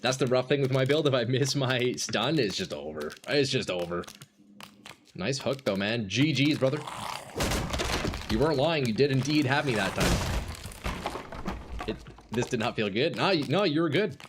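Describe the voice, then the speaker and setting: Here his voice sits in the mid range, at an ordinary pace with lots of pauses, as the young streamer keeps up chatty gameplay commentary and addresses fellow players as bro or brother. Steady background noise runs under the recording.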